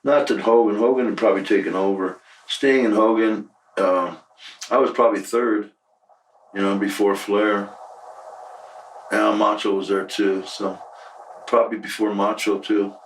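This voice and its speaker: Man, 60s, former wrestler; low, blunt, profane storyteller, recorded off-mic with slight noise. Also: fairly even intonation, moderate pace, distant mic, poor audio. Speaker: interview guest, former wrestler. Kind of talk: shoot interview storytelling.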